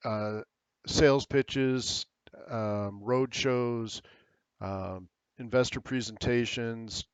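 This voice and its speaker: A man's voice: medium pitch, steady tone, drawn-out words, clear, resonant tone, dry recording. An American man hosting a live trading webinar, giving casual, rambling market commentary with frequent fillers.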